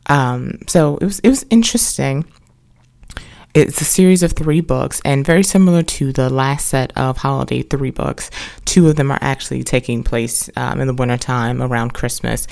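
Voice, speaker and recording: Chatty woman with a gravelly fry. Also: extremely low pitch, moderate pace, a little mellow. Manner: chatty and rambling, with many restarts and wry asides. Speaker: podcast host reviewing books. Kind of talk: casual spoken book review.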